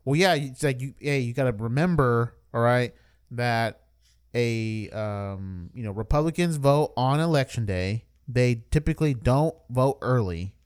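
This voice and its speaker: A man's voice: mid-range voice, unhurried, smooth. Rambling casual podcast man. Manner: rambling, many fillers and restarts. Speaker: podcast co-host.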